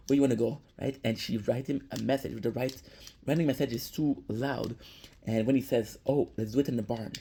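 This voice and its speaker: A young man giving a casual, emotional recap of a TV episode, excitable and swearing, stumbling over his words and near tears. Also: mid-range voice, vocal fry, slight background noise. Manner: excitable, swears, repeats himself. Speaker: TV recap vlogger.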